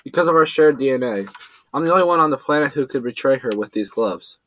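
A man's voice: medium pitch, animated, fast, a bit bright, dry recording, lightly acted. A man doing Max, a cool, clipped young hacker woman. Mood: matter-of-fact.

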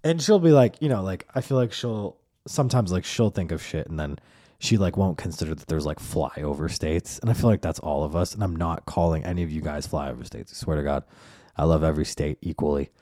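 A man's voice: low voice, brisk, warm tone, no room sound, clean studio sound. A man hosting his own podcast, talking in a rambling, profane, casual monologue. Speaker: podcast host.

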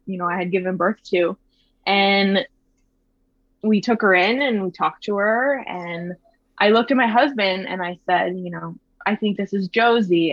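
A woman in her thirties tells a personal story in a soft, reflective voice, often pausing and restarting. Her pitch sits mid-range. The recording sounds a little dull and muffled, with a dry, close sound. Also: no room sound. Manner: soft, reflective, with many fillers. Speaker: mother telling her birth story.

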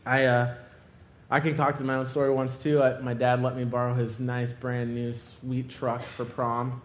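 A man's voice: medium pitch, monotone, measured pace, reverberant, slight background noise. A young man preaching, telling a funny personal story with lots of laughter before turning it to a lesson. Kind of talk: sermon with comic personal story.

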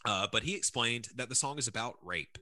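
A man co-hosting a podcast, telling stories about songs in a relaxed way with many fillers. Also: mid-range voice, brisk, dry recording, studio quality. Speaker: podcast co-host. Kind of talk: casual chat about songs.

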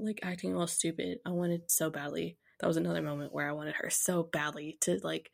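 A woman's voice: on the low side, fairly even intonation, moderate pace, gravelly, fairly bright tone. A young woman, a podcast host telling her own story candidly and bluntly, laughing now and then. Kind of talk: personal storytelling.

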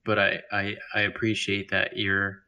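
A man's voice: fairly low pitch, completely flat delivery, measured pace, sharp tone, highs cut off. A man co-hosting a casual podcast chat, asking curious, skeptical follow-up questions. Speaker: podcast co-host.

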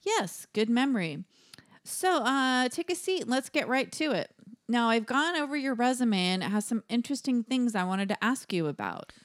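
A woman reading a brisk male shop interviewer. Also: a little high, sing-song, no room sound, clean studio sound. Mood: businesslike. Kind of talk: reading a comedy script aloud.

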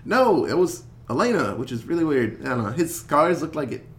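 A man hosting a casual podcast chat, recapping a film in an animated way, swearing and acting out the characters' lines. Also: a little high, fairly quick.

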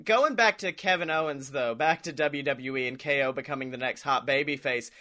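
A man co-hosting a podcast in casual chat, animated, laughing often and acting out quotes. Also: medium pitch, fairly quick. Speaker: podcast co-host.

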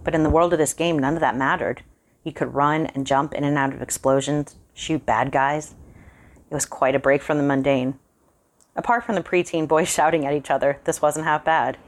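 Low-voiced woman reading a horror story. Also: moderate pace. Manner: calm first-person narration.

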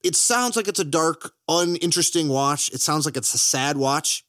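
A man's voice: fairly high pitch, lively intonation, normal speed, fairly bright tone, no room sound, clean studio sound. A man co-hosting a podcast, chatting enthusiastically about films, joking and swearing. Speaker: podcast co-host. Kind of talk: casual film chat.

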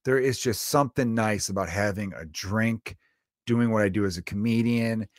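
A young adult man from Chicago, a comedian talking casually in a profane, rambling solo monologue with big swings in loudness. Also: on the low side, normal speed, no echo, clean studio sound. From Chicago area. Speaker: comedian and podcast host.

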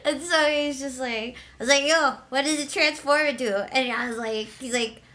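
A woman's voice: sits high, moderate pace. A young woman co-hosting a casual podcast, telling stories with acted-out quotes and frequent laughter. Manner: animated storyteller who acts out quotes and laughs often. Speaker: podcast co-host. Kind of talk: casual chat.

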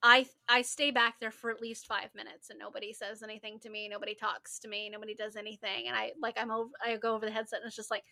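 A woman's voice: a little high, fairly even intonation, fast talker, bright, forceful tone. A young woman co-hosting a podcast, telling a work story in casual chat with emphatic repetition and casual swearing. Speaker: podcast co-host.

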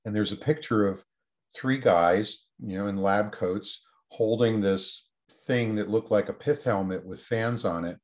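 A researcher being interviewed answers with a story, speaking at a measured pace in a fairly low voice. He acts out the quoted voices with great energy.

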